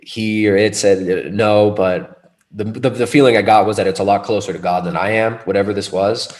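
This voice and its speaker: A man with a fairly low voice tells a personal story in casual conversation. He rambles, starts over often and keeps it animated as he goes. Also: moderate pace. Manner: rambling, animated, with restarts and laughs.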